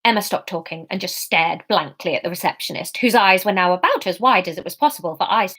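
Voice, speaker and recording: A woman's voice: lowish voice, lively intonation, fast, fairly bright tone, breathy edge. Playful woman reading her own story aloud. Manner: playful, chatty, laughs at her own jokes.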